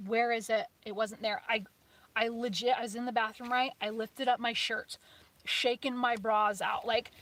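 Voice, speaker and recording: A woman in her forties, her voice sitting a little high, chats on a live stream from her car at a campsite. She tells her story in a rambling, lively way, dropping to whispers and jumping up with excited exclamations. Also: normal speed. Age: 40s. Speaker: vlogger. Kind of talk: casual live-stream chat.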